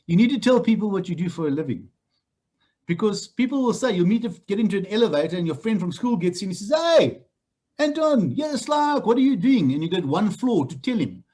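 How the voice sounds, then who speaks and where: South African trainer, middle-aged man, husky and fairly high, blunt and teasing delivery for group training. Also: quick pace. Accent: South African English. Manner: blunt, animated, teasing the room. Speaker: real estate trainer. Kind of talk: training talk to new agents.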